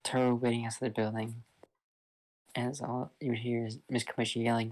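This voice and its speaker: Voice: mid-range voice, level tone, moderate pace, darkish tone. A person casually retelling a fan-fiction story, rambling and loose with lots of fillers.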